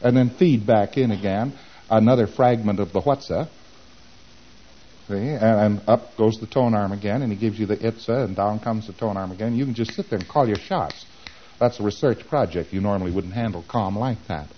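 A man giving a lecture, acting out exchanges with quick mumbled asides. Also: lowish voice, lo-fi sound. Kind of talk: recorded lecture.

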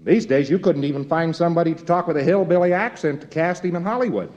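A man's voice: a little high, fast, a little mellow, muffled recording. A man from the United States giving a lecture in a folksy, wry way with jokey asides.

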